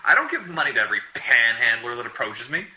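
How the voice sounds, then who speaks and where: Man acting flustered rich novelist, stammering, animated pitch, sharp bright tone. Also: quick pace, a little hiss or hum, rough recording. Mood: stubborn. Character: frightened rich novelist man, stubborn then pleading. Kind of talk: 1940s radio acting.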